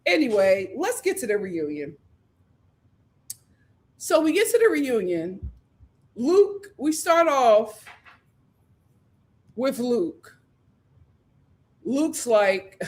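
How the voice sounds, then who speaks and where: A woman's voice: sits high, big pitch swings, takes it slowly, long pauses. A woman reviewing a reality TV show on a casual live stream, ranting with exasperation and breaking into laughter.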